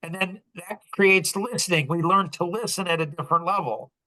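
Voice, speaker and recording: A man hosting a business podcast, telling a story in casual talk, animated and laughing often as he acts out dialogue. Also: sits high, normal speed, low-quality recording. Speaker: podcast host.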